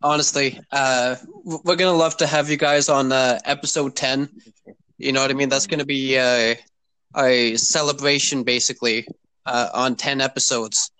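A man's voice: mid-range voice, steady tone, moderate pace, sharp tone, clean tone, no room sound, rough recording. Rambling young man hosting a podcast. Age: 20s. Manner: rambling, filler-heavy, often asks "you know what I mean". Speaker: podcast host. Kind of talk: casual podcast chat.

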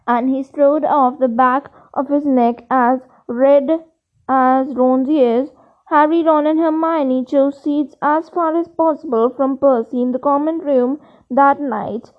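A woman's voice: high voice, unhurried, muffled recording. A woman reading a novel aloud in a plain way, now and then slipping and restarting words. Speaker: audiobook reader.

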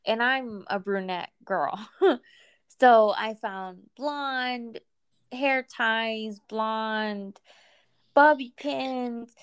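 A woman casually telling a personal story in a relaxed, chatty way, sometimes acting out what people said. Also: a little high, very slow, smooth. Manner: relaxed, chatty, acts out quoted voices.

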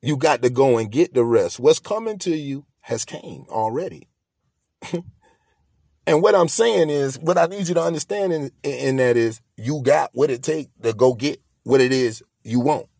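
A man's voice: medium pitch, normal speed, creaky, a little mellow, husky, no echo, studio quality. A man hosting a podcast, delivering a motivational monologue in an emphatic, preachy way, repeating his points. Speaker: podcast host.

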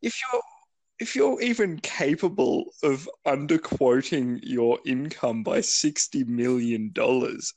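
A man co-hosting a car podcast, giving measured, wry commentary in casual chat. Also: mid-range voice, animated, darkish tone. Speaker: podcast co-host.

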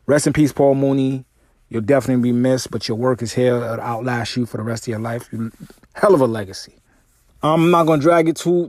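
A man hosting his own podcast, telling a long story casually, swearing often, his voice jumping high when he gets exasperated. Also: a little mellow, slightly rough. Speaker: podcast host and music artist. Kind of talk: casual solo podcast monologue. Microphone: podcast microphone through a mixer.

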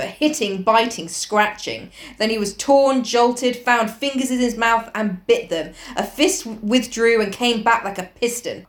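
Woman reader, higher pitch, casual read-along, echoey room. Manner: reads steadily, often breaks into laughter and swears. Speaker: reader of a novel aloud.

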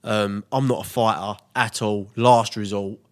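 A man's voice: lowish voice, steady tone, unhurried. A young man, chatting casually as a podcast co-host in a laid-back way and swearing now and then. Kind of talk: casual chat.

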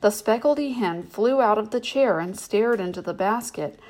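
A woman hosting a bedtime story reading, narrating in a gentle, measured way. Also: medium pitch.

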